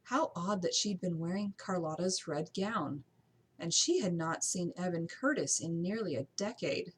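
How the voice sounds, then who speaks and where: A woman narrating a novel as an amateur audiobook reading, steady with occasional slips and restarts. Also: fairly low pitch, moderate pace, husky, low-quality recording.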